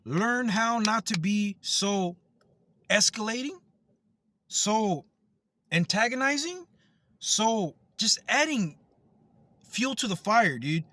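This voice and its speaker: A man's voice: high voice, animated, slow pace, long pauses, sharp tone. A man from the United States, a vlogger, delivering a heated, profane, repetitive rant to camera.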